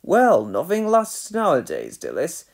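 A man's voice: fairly high pitch, huge pitch swings, measured pace, gravelly, exaggerated voice. A reader doing an easygoing village handyman. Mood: chatty, flustered. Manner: chatty, jokey, flustered in trouble. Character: easygoing male local handyman.

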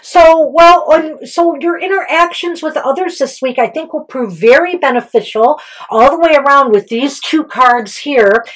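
Female tarot co-host, slightly high voice, relaxed chatty delivery full of fillers and restarts. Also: moderate pace, rough recording. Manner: chatty, loose, with many fillers and self-corrections. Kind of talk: casual tarot reading chat.

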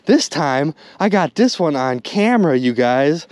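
A man vlogging while ice fishing outdoors on a frozen lake, talking excitedly to his viewers and exclaiming often. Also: fairly high pitch, moderate pace, hardly any pauses, no room sound. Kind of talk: excited outdoor vlog narration. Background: wind and outdoor ambience.

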